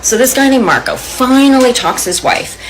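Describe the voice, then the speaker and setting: A woman's voice: high voice, animated, normal speed, slight background noise, poor audio. A woman telling a long joke in a conversational storytelling way. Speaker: joke teller.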